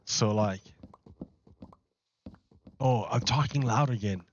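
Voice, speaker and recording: A man's voice: mid-range voice, slow, highs cut off, slight background noise. A man chatting casually on a gaming livestream, rambling with lots of fillers and restarts into a close microphone. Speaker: streamer. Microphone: close desk microphone.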